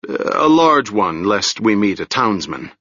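Man reading unhurried wry old-world wizard, dry and patient, bright tone, muffled dry sound. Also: on the low side, very animated, dry recording, exaggerated voice. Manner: dry, easygoing, gently teasing. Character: calm, wry male wizard, middle-aged, patient.

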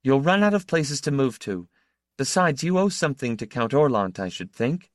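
A man performs the voice of a proud, wounded young woman, lifting his pitch above his natural voice into a medium range with big swings. The cutting delivery is lightly acted at normal speed, recorded clean and dry in a studio.

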